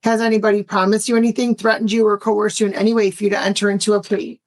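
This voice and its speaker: Lady judge in court, formal and even, cuts in to ask stuff. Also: mid-range voice. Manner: formal, measured, interrupting to clarify.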